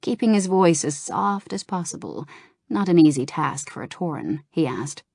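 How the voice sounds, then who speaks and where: A woman narrating a fantasy novel aloud in a calm, steady reading voice. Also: sits low, moderate pace, vocal fry, husky, no room sound, clean studio sound. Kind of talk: audiobook narration of a game novel.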